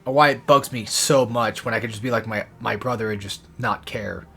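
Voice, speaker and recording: A man's voice: on the low side, a little fast, vocal fry, a bit bright, soft background music. A young man giving rambling, profane commentary while playing a video game, swearing constantly as he rants. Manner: profane, ranting, frequent swearing. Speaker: let's play gamer.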